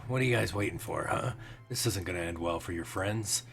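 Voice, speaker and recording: A man's voice: sits low, a little fast, creaky, a bit bright. A man doing a sneering bugbear guard. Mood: taunting. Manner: sneering taunts. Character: mocking bugbear guard, taunting, cruel. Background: faint background music.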